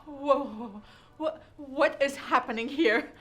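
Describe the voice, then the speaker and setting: A woman's voice: sits high, measured pace, slight background noise. An actress playing an immigrant woman in a film drama, emotional and stammering when flustered. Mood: bewildered. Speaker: immigrant woman locked in her basement.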